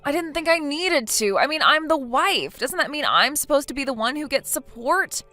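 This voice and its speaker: A whiny, naive young wife, voiced by a synthetic woman, hesitant and pleading as she makes excuses. Her voice sits a little high, and faint music runs under the text-message story. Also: lively intonation, normal speed, bright, forceful tone. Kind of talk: text-to-speech text story narration.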